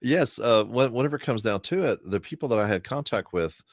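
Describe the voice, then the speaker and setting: A man's voice: medium pitch, lively intonation, fairly quick, dry recording, studio quality. A middle-aged man, chatting casually and rambling along with plenty of fillers. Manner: easygoing, rambling with many fillers. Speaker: co-host, union representative. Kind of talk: casual chat.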